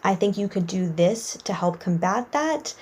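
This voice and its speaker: A woman's voice: mid-range voice, animated, normal speed, darkish tone, slightly rough. Young woman chatting earnestly about feelings, lots of "like"s, reflective. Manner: earnest and reflective, frequent "like" fillers. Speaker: self-help podcast host. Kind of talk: casual advice monologue.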